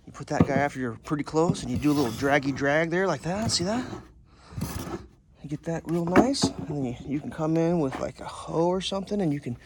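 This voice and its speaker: A slightly high-voiced man giving a blunt, profane, joking walkthrough outdoors at a building site, shovel in hand. Faint outdoor noise sits behind his voice, caught on a handheld camera. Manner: blunt, joking, swears freely. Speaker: home builder. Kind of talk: casual how-to vlog. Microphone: handheld camera, some of it filmed one-handed by himself.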